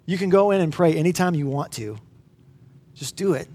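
A man's voice: fairly high pitch, lively intonation, a little fast, a little mellow. A man in his thirties, a pastor, preaching a sermon in an earnest, conversational way, with fillers and restarts.

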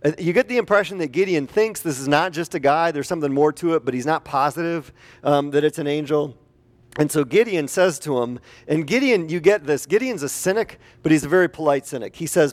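Chatty pastor with a slightly high voice. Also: male voice, a little fast. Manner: asks the congregation questions, animated and chatty. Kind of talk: conversational sermon.

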